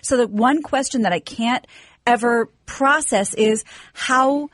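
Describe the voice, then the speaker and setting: Curious woman co-host, higher voice, very dry close sound. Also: takes it slowly, fairly bright tone, dry recording. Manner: curious, asks personal questions. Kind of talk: casual interview talk.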